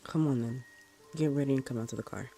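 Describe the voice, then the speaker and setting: A grieving, bitter mother in a storybook horror tale, read by a man. Her voice is mellow and low-key. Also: quick pace, creaky, soft background music, close to an everyday voice. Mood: gentle. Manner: sharp with the neighbor, soft with her child.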